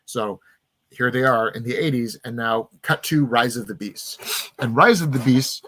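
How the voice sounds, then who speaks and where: A podcast host with a mid-range, pushed and bright voice eagerly recaps a film's plot on his casual show. He briefly acts out characters' lines in quick voices, clearly enthusiastic about the story.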